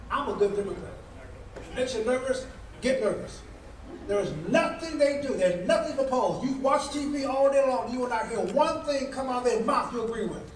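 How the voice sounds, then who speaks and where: A man with an unusually high voice delivers a fiery political speech, hammering his points through repeated rhetorical questions in a preacher-like rhythm. He sounds distant from the mic, his voice ringing around an echoey banquet hall. Faint background sound is heard beneath him. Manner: emphatic, repetitive rhetorical questions, preacher-like cadence. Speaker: guest speaker at a political dinner.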